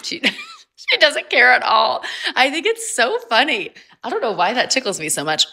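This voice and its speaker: A woman's voice: on the high side, wildly swooping pitch, moderate pace, creaky, pushed and bright. A woman, chatting casually and upbeat on a livestream and laughing often. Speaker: livestream host.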